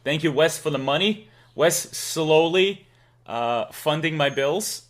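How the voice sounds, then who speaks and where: A man with a Massachusetts accent, hosting a casual livestream chat, talkative and quick to laugh as he reads out donations. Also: a little high, lively intonation, a bit bright. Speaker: livestream host.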